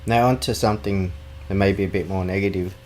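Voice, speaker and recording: Man, low voice, blunt and sweary, gaming podcast co-host. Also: fairly even intonation, fast talker, darkish tone, a little hiss or hum. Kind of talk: casual chat.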